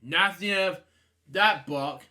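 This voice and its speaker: Bright-voiced man rambling through a storybook. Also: sits high, unhurried. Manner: rambling, stumbles and restarts often. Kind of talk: reading a storybook aloud with rambling asides.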